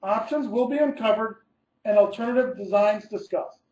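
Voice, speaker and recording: A man's voice: high-pitched, normal speed, a little mellow, echoey room, poor audio. A man, an architect, giving a scripted webinar presentation, reading methodically through numbered steps and stressing key words.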